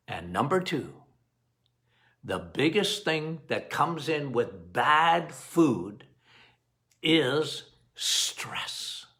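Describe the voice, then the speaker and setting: Slow, lively-pitched male doctor. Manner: animated, talks straight to listeners, quotes patients in playful voices; goes off on tangents, repeats phrases for emphasis. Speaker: doctor and podcast host. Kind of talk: health podcast monologue.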